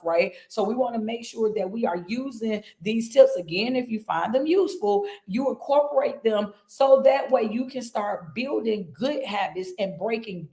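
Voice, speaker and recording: A woman's voice: a little high, a little mellow, roomy sound. A woman hosting a motivational talk show, speaking in a conversational coaching tone and often checking in with her listeners. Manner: conversational, coaching tone with frequent "right?" check-ins.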